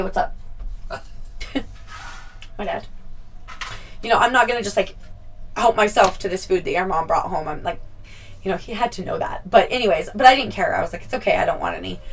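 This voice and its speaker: A woman's voice: mid-range voice, a little fast, long pauses, breathy edge, recorded from a distance, rough recording. A young woman telling a casual storytime vlog, chatty, swearing freely and laughing often. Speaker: vlogger.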